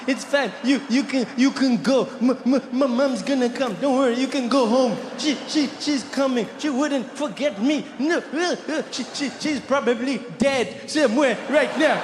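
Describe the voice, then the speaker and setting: A man's voice: very high-pitched, reverberant, big-room sound, background noise, voice pushed up. A man voicing a frightened ten-year-old boy who stammers and pleads as if he has been forgotten after school. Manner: stammering, pleading, rising to panic.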